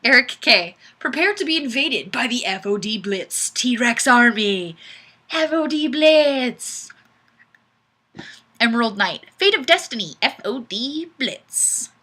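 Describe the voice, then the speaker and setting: A playful woman hosts a live webcam chat and reads viewer comments with a giggly, sing-song delivery. Her voice sits fairly high and bright, and her pitch swings widely. She takes her time, speaking at an unhurried pace. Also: expressive. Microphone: webcam microphone.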